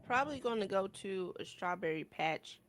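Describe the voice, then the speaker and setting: A young woman from Memphis, Tennessee with a Memphis accent, chatting casually and soft-spoken on a radio show. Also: mid-range voice, expressive, moderate pace, no echo. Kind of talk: casual chat.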